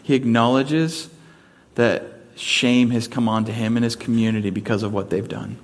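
A man's voice: mid-range voice, fairly even intonation, normal speed. A man preaching a sermon in a casual, conversational way, mixing humor into it. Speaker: pastor.

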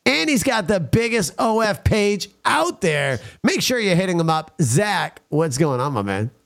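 A man's voice: high-pitched, sing-song, a little slow, creaky, fairly bright tone. A man hosting a talk show, ranting bluntly and crudely and often calling out to his listeners as folks. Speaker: podcast host. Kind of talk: casual talk show banter and rant.

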